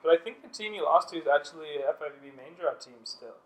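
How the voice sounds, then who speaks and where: High, lively man. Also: a crowd in the background. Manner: quick, laughing interjections. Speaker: podcast guest, volleyball player. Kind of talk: casual chat. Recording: roomy studio echo.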